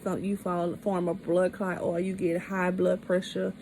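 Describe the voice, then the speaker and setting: A woman's voice: on the low side, flat delivery, measured pace, darkish tone, slight background noise, rough recording. A woman vlogger retelling a personal experience in a candid, emphatic way, often repeating herself for stress. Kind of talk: personal storytime vlog.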